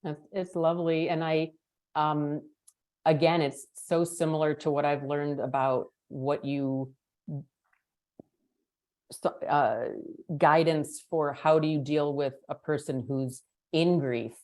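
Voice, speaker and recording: A woman with a notably low voice hosts the conversation. She talks in a thoughtful, reflective way, pausing to work through her ideas. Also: fairly even intonation, a little mellow. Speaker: podcast host. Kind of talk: podcast conversation.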